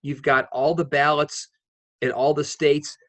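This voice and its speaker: A man who is a political science professor, giving measured, explanatory answers with dry wit from home over a video call. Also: fairly high pitch, flat delivery, no echo. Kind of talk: interview answers.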